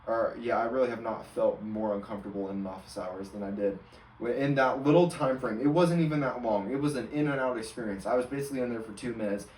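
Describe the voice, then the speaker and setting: A man's voice: mid-range voice, fast talker, darkish tone, echoey room, far from the mic, slight background noise, poor audio. A man in his twenties, a college student, rambling through an exasperated story with lots of fillers. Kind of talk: casual storytelling rant.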